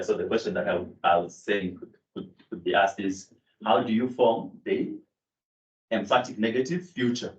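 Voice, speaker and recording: Male lecturer, low voice, explanatory classroom delivery; distant, muffled mic. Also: little pitch movement, normal speed. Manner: explanatory, with fillers and self-corrections. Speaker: Greek lecturer. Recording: echoey room, distant mic, dull sound.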